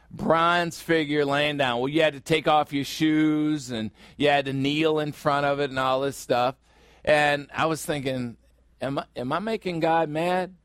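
A man's voice: mid-range voice, fairly bright tone, dry recording, clean studio sound. A man preaching a sermon as pastor, conversational and joking, acting out little exchanges. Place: church in Phoenix area.

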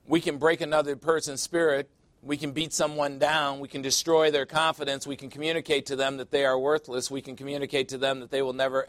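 A man preaching a conversational sermon as pastor, candid and confiding, often dropping into quiet asides. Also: medium pitch, no echo.

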